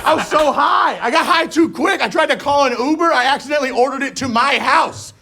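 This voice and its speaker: A young man doing stand-up, telling punchy anecdotes that break into sudden loud outbursts. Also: very high-pitched, brisk, hardly any pauses. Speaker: stand-up comedian. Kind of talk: stand-up storytelling.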